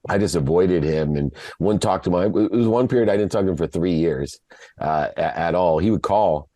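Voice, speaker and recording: A man from Ohio, a podcast guest, telling a personal story in an emotional, halting way, often repeating words. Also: sits low, warm tone, no echo. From Ohio, USA.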